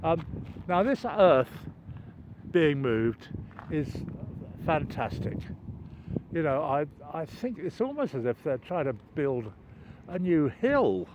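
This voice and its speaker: A man's voice: fairly high pitch, big pitch swings, slow pace, pauses often. Older man rambling wryly while walking outdoors. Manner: chatty, wry asides, many fillers and restarts. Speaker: vlogger filming a construction site. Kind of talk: rambling walk-and-talk narration. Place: outdoors by a road, walking downhill. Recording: dull outdoor camera audio with traffic noise.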